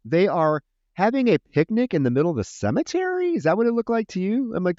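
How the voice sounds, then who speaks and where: A man's voice: high-pitched, big pitch swings, fast talker, darkish tone, no echo, lo-fi sound. A man co-hosting a podcast, casually retelling a film scene by scene, acting out lines and swearing freely. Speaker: podcast co-host. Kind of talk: casual movie review chat.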